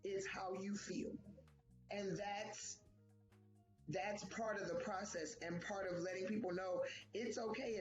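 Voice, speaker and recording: A woman co-hosts a casual talk about grief, animatedly acting out quoted voices. Her mid-range voice moves unhurriedly. The room is echoey, the sound dull, with faint music behind.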